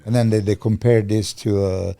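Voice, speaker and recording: A middle-aged man, a former bodybuilder guesting on a podcast, speaking emphatically with halting restarts. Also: lowish voice, steady tone, creaky, mellow, dry recording. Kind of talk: casual podcast chat.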